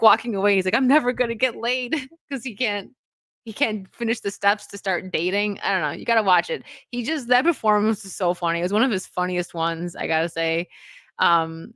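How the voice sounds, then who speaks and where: A woman's voice: medium pitch, bright, forceful tone, dry recording, studio quality. A woman hosting a casual solo video chat, rambling and chatty with frequent laughs. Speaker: host.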